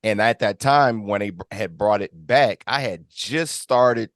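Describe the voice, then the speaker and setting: A middle-aged man hosting a podcast, speaking relaxed and reflective about his officiating career, with quick reactions. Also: on the low side, no echo, clean studio sound. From California. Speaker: podcast host. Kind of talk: casual interview chat.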